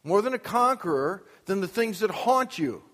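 A man's voice: sits high, big pitch swings, normal speed, a bit bright. A man preaching a sermon in a church, pressing his point with rhetorical questions and rising emphasis. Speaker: pastor. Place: church with a sound booth. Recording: long hall reverb.

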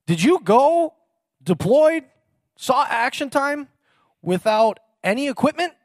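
A man's voice: very high voice, sing-song, slow, dry recording, clean studio sound, pitched above the performer's own voice, exaggerated voice. A man putting on a playful, exaggerated accent as he quizzes a military friend. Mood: mock questioning.

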